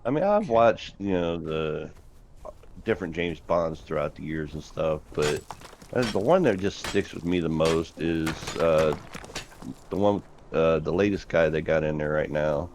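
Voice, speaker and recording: Man, very deep voice, slow laid-back chat, faint background noise. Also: animated, darkish tone. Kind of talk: casual chat.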